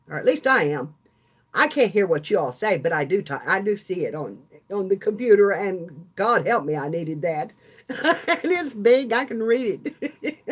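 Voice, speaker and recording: An older woman, hosting a casual live stream chat, chatty and laughing often as she talks to her viewers. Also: medium pitch. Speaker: craft channel host.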